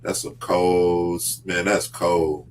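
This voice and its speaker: A man hosting a casual talk show about faith, speaking earnestly and deliberately. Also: sits low, level tone, a little hiss or hum. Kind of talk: casual religious discussion.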